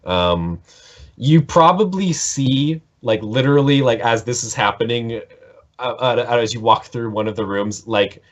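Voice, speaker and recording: A man's voice: mid-range voice, unhurried. A man narrating a tabletop game as game master, rambling with many fillers. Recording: dull lo-fi mic.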